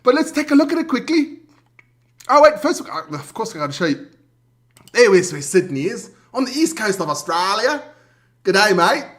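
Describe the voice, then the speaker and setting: A man co-hosting a sports chat show from South Africa, loud and jokey, swearing and greeting his chat viewers. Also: sits high, sing-song, normal speed.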